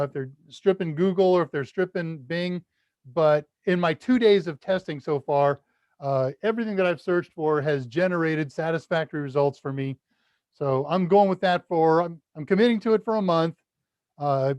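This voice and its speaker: The recording is dry with the highs cut off, carrying a man's somewhat high, slightly mellow voice. He's an American running a casual live Q&A, talkative and quick to laugh at himself and his own jokes as he reads viewer comments.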